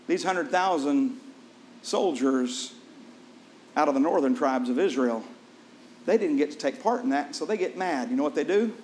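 This male preacher brings a scripture story to life in his sermon, questioning the congregation and lowering his voice softly at solemn moments. He moves at a moderate pace with long pauses, and a faint hiss or hum runs underneath.

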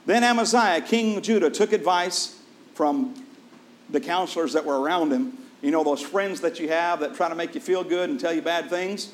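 Male preacher, pitch a touch high, animated storyteller who leans on questions to the congregation. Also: moderate pace. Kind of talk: sermon.

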